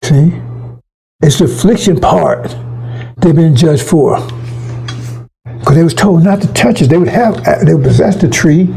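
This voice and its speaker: A man's voice: fairly high pitch, animated, unhurried, vocal fry, pauses often, warm tone, slight background noise, rough recording. A man preaching an informal, fiery sermon to his congregation, emphatic and profane, often stumbling and restarting his words.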